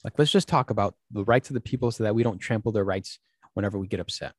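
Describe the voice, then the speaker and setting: Animated storytelling man, dry close sound. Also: on the low side, fast talker, slightly rough, no room sound. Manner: animated storyteller, acts out quoted speech; many fillers and restarts. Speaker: podcast host. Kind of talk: casual podcast conversation.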